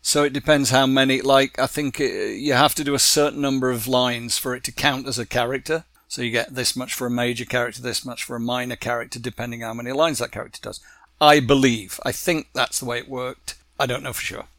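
A man in a casual interview, recounting behind-the-scenes stories with bursts of laughter and quick impressions of the people involved. His voice sits at an ordinary pitch, recorded close and dry with no room sound. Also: no echo. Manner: animated anecdotes with acted quotes and laughs. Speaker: animation producer interviewee.

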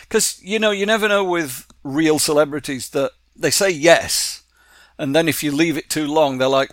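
Dry-sounding man telling lively anecdotes. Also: on the high side, normal speed, no room sound. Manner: animated anecdotes with acted quotes and laughs. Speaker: animation producer interviewee. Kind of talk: casual interview storytelling.

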